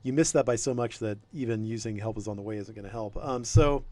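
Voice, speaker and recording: A man running a tabletop game as game master, talking in a rambling, hesitant way with many pauses. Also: fairly low pitch, mellow. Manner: rambling, hesitant, lots of ums.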